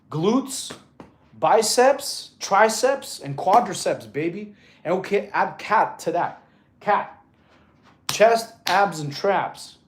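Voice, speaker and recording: Guy in his 30s streaming, reading chat out loud, chill bro-ish fitness coach vibe, voice sits a bit high. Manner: laid-back, reads chat aloud, calls people bro.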